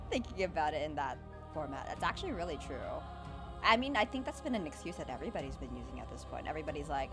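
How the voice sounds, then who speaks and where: A young woman streaming, talking in a fairly low voice that swings up and down a lot. She complains in a dramatic, playful way and laughs often. Soft music plays behind her. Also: big pitch swings, a little fast. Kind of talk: casual stream chat.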